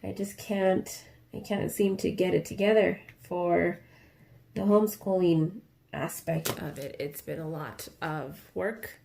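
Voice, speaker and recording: Young woman crafter venting in a casual vlog; dark, mellow voice with plenty of fry. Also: fairly low pitch, fairly even intonation, slow. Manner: rambling and ranty, many fillers. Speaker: craft vlogger. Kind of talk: casual chat while diamond painting.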